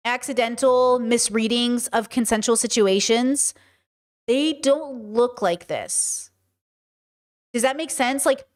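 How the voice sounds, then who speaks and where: A woman hosting a commentary stream, talking emphatically and conversationally, now and then mocking someone with a put-on voice. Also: a little high. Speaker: podcast host.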